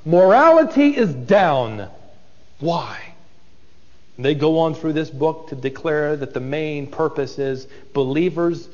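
High-voiced guy preaching a sermon, acts out the bible voices, dull recording with a big hall echo. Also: darkish tone. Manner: dramatic, acts out biblical voices. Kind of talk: expository sermon.

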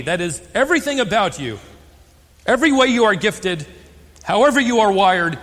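An older American man preaching a sermon as pastor, stressing key words and slowing for emphasis. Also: sits high, very animated, fairly bright tone, in a large hall. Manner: emphatic, slows on key phrases.

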